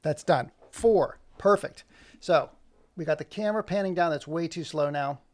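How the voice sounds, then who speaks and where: A man's voice: a little high, moderate pace. A man chatting casually and thinking aloud as he edits an animation, muttering to himself while he works. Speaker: video creator editing an animation. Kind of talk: casual live chat while working.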